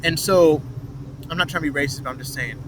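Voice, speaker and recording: A man's voice: fairly high pitch, fairly quick. A young man rambling through a personal story, swearing and restarting often. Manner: rambling, restarts, swears, mimics others' voices in quotes. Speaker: vlogger telling a personal story. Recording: noisy street, traffic behind.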